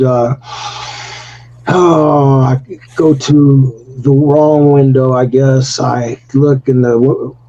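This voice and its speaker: Older man telling a lively story. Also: slightly rough, dull audio. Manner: acts out quotes with jumps in pitch, laughs often. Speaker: retired pro wrestler, guest. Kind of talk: animated storytelling interview.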